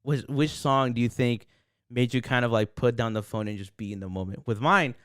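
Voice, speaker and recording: A man's voice: medium pitch, a little fast, clear, resonant tone, no echo, studio quality. A man co-hosting a podcast in casual chat, joking and swearing as he talks. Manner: joking, swears, lively asides. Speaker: podcast co-host.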